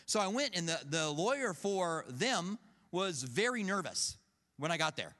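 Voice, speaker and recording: A man's voice: high voice, a little slow. A man preaching a conversational sermon, telling personal stories and acting out what people said. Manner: storytelling, acts out quoted voices, animated. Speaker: pastor. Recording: long reverb of a large hall.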